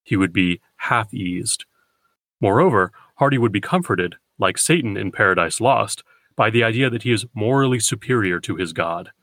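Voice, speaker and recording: A man hosting a poetry podcast, giving a scripted, measured lecture and slowing down to read verse. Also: lowish voice, a bit bright, no echo. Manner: measured, deliberate, slows for quoted verse.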